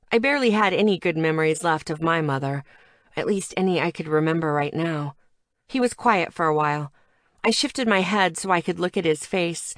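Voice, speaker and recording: A woman reading a first-person audiobook in an even, conversational storytelling manner. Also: on the low side, moderate pace, no room sound, clean studio sound. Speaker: audiobook narrator.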